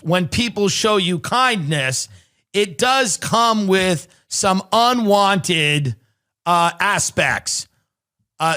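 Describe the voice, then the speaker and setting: A podcast host with a high-sitting, pushed and bright voice reads news articles aloud. He riffs on each one with sardonic, comedic commentary.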